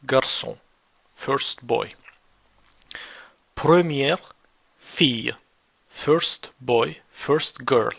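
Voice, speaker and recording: Slow, gravelly man teaching a lesson. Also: medium pitch, fairly bright tone. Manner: slow, repetitive, spells words out letter by letter. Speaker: French teacher. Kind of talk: slow beginner language lesson.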